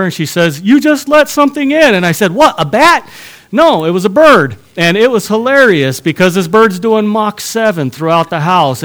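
A man's voice: high-pitched, a bit bright. A middle-aged man preaching a sermon, telling a story with humor and talking straight to his congregation. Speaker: pastor.

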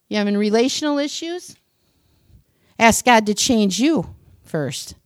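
A woman's voice: a little high, lively intonation, measured pace, no echo, clean studio sound. A woman preacher giving a sermon, earnest, repeating phrases for emphasis and telling stories.

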